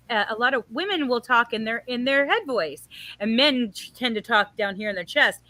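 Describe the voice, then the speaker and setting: A woman hosting a music radio show and working as a vocal teacher, chatting in a lively, coaching way and laughing often. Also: on the high side, no room sound. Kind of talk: casual chat.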